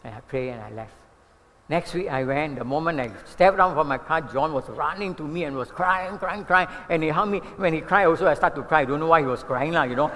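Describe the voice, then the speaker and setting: A man in his seventies with a Malaysian English accent, preaching a sermon as an animated storyteller who keeps saying "you know". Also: on the high side, fairly quick, big-room sound, slight background noise. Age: 70s. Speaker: pastor.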